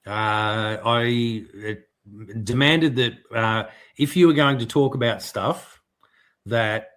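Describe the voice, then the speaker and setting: A man's voice: medium pitch, slow, a bit bright. A man co-hosting a podcast, speaking in a hesitant, mock-indignant casual chat with many fillers. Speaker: podcast co-host.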